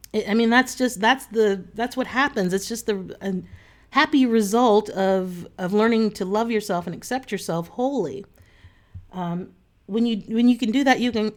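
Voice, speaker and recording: A woman coach, talking casually and earnestly to her online group, with many fillers and restarts. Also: mid-range voice. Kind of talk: casual talk to camera.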